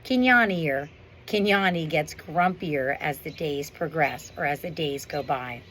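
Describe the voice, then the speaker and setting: Woman reading a proud silverback gorilla with dry wit, low-voiced, storybook tone, faint wind behind. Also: measured pace, fairly bright tone. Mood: wry. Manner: wry, understated storybook narration. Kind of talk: reading a novel aloud. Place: outdoors on a windy day.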